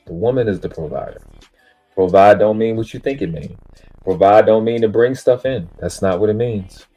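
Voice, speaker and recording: A man with a very low, dark voice delivers an emphatic, preachy monologue on a live stream. He speaks, swears casually and boasts about himself. Faint music sits in the background. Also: normal speed, lo-fi sound. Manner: self-aggrandizing, spiritual teaching tone.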